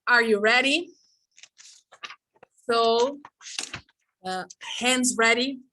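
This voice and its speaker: Slow-paced woman leading a teaching workshop. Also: on the high side, pushed and bright. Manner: engaging, checks in with frequent "okay?" and "right?". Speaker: teacher trainer. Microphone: video call.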